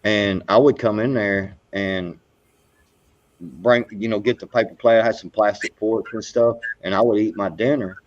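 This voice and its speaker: Middle-aged male host, low voice, rambling, filler-heavy casual chat, dry muffled recording. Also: steady tone, normal speed, no echo. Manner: rambling, many "you know" fillers and restarts. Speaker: podcast host. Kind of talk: casual live talk show chat. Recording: dull, muffled sound.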